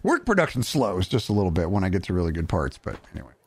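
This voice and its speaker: A man hosting a casual gaming podcast, animated and jokey, with quick asides. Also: sits low, breathy edge. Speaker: podcast host.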